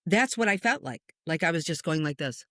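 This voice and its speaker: A woman in her sixties, a spiritual medium, telling a personal story in a casual interview, chatty and lively, acting out the voices of the people in it. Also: deep voice, fairly quick, no echo, studio quality. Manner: animated storyteller who acts out quoted voices; chatty, with frequent "you know" and "like".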